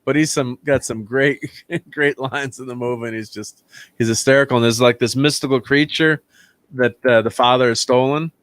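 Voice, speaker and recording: A man hosts a loose film review chat, trailing off into fillers and restarting his sentences. His voice sits at an ordinary pitch. The sound is dry and close, with no room around it. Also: steady tone, moderate pace, fairly bright tone, no echo. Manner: rambling, many fillers and restarts, laughs often. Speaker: channel host, film reviewer.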